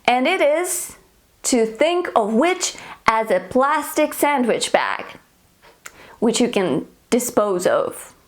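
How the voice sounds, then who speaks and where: Slow, clear-teaching woman with a Russian accent. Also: on the high side. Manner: clear, deliberate explanation with lively example intonation. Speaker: English teacher. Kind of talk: online grammar lesson.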